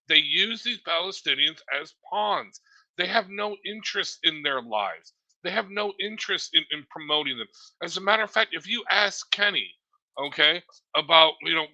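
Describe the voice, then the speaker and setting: High, bright, gravelly man. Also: poor audio. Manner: emphatic, terse agreements. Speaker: discussion group participant. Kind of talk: heated political discussion.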